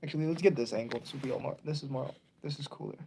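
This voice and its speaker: A young man streaming his model railway layout in casual commentary, excitable and prone to yelling at the trains. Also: mid-range voice, rapid-fire, slight background noise. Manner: excitable, yells at toy trains.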